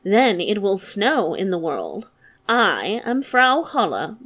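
A woman voicing a kindly old woman from a fairy tale, speaking slowly and reassuringly. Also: mid-range voice, lightly acted. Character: kindly old woman, Frau Holle, gentle and calm.

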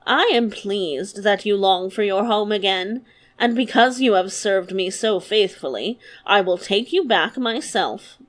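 A woman voicing a kindly old woman from a fairy tale, speaking slowly and reassuringly. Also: medium pitch, lightly acted. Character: kindly old woman, Frau Holle, gentle and calm.

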